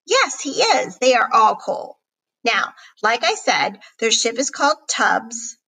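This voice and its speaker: A woman voicing an excitable young boy who narrates a storybook, raising her voice to sound like a child. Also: fairly high pitch, slow pace, breathy edge, far from the mic, exaggerated voice. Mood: eager. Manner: eager, bouncy kid voice.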